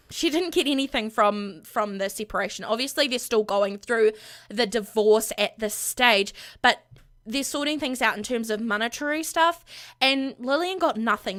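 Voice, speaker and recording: A woman gaming vlogger animatedly retelling her game household's drama in a casual, gossipy way. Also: fairly high pitch. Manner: animated, gossipy, full of fillers.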